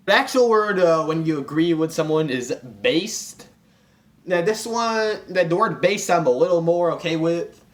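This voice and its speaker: A man's voice: on the high side, lively intonation, moderate pace. A young man in a comedic rant, exasperated and full of fillers and restarts. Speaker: commentary vlogger.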